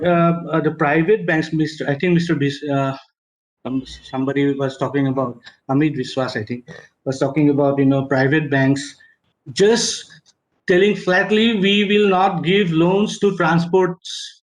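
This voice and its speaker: A man, a tour business owner speaking in a webinar, halting and emotional, full of fillers and restarts. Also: a little high, low-quality recording. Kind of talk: webinar discussion. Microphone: video call.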